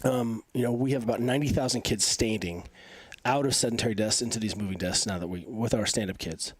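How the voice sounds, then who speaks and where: A man in his forties, stuffy from allergies, talking in an energetic, emphatic and rambling way as a podcast guest. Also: lowish voice, fast, breathy edge, dry recording. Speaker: podcast guest, coach and physical therapist. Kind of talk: casual interview talk.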